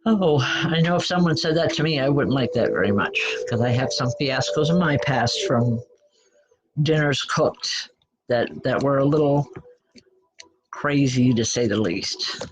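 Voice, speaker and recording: A woman's voice: extremely low pitch, measured pace, rough recording. A woman medium giving spiritual readings to an audience, chatty and blunt, with self-deprecating asides. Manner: blunt, direct.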